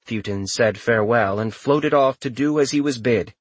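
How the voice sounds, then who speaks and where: A man reading an audiobook aloud in a lively, expressive way. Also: medium pitch, moderate pace, few pauses, breathy edge, dry recording. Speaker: audiobook narrator. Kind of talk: scripted narration.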